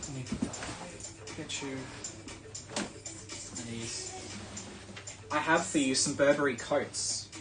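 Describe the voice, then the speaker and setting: An Australian man hosting a live shopping stream, chatting in a casual sales pitch full of fillers. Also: very animated, takes it slowly, long pauses, over music.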